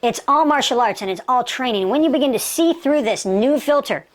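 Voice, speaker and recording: A woman's voice: high-pitched, expressive, fairly quick. A woman giving a motivational martial arts lecture, emphatic, asking rhetorical questions and repeating key phrases.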